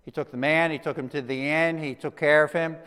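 A male pastor preaches in an easy, conversational way, stumbling and repeating words as he goes. His voice sits a little high, and he sinks into a quiet, slow hush to stress a point. A long hall reverb trails his words. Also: steady tone, clean tone. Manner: conversational, with frequent restarts and stammered repeats; drops to a soft, slow hush for emphasis. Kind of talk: sermon.

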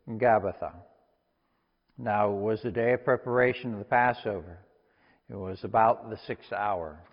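A man giving a steady, unhurried scripture reading. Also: medium pitch. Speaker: scripture reader. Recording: long reverb, dull lo-fi sound.

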